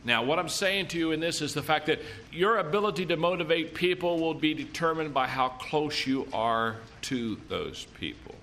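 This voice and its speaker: A man's voice: on the high side, expressive, normal speed, hardly any pauses, sharp tone, a little hiss or hum. A middle-aged man giving a leadership seminar talk, telling folksy stories and repeating his points for emphasis. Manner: folksy storytelling, emphatic repetition. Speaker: leadership speaker.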